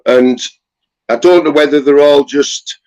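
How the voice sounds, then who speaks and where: A man's voice: on the high side, a little slow, a little mellow, low-quality recording. A man, a fellow streamer in a casual live chat, earnest and often asking "you know what I mean".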